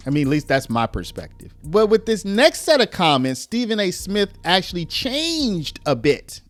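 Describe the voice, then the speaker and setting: Lively, animated male commentator. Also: fairly high pitch, no echo. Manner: lively, conversational, uses "y'all", acts out quotes in raised voice. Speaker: commentary video host. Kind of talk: casual political commentary.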